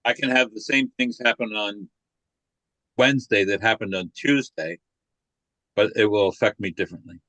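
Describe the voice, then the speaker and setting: Low-voiced guy, short dry answers, no room sound. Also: normal speed, long pauses, sharp tone, dry recording, low-quality recording. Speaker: guest. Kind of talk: casual group chat.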